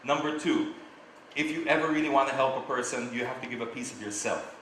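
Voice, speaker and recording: A man from the Philippines speaks to a live audience in a bright, forceful voice, telling his story in a loose, conversational way with asides. His voice rings through a roomy hall. A faint hiss of noise sits under the speech. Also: mid-range voice, fairly quick. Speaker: speaker at a live talk event.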